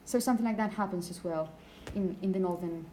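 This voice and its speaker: A woman's voice: fairly low pitch, fast talker, warm tone, a little hiss or hum, poor audio. Woman teacher lecturing a class. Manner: explanatory, asks the class questions.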